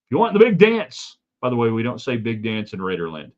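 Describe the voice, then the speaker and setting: A man's voice: medium pitch, huge pitch swings, brisk, dull audio. A man hosting a live sports talk stream, opinionated and rambling with side remarks. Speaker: sports talk show host.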